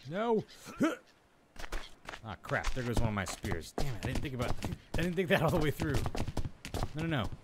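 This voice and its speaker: A man giving casual let's-play commentary, chatty and excitable, talking to himself as he plays. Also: medium pitch, fairly quick, very noisy. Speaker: gaming video host.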